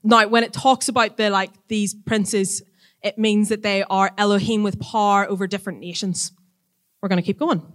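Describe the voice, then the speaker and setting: A woman's voice: medium pitch, normal speed. Chatty woman giving a casual sermon. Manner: chatty, animated, acts out voices in retellings. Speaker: church teacher.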